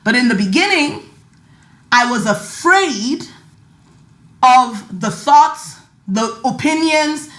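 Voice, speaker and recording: High-voiced woman, slight Nigerian accent. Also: lively intonation, slow pace, long pauses, fairly bright tone, echoey room. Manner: emphatic, chatty, repeats words for stress. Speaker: podcast host and finance coach. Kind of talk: casual motivational talk.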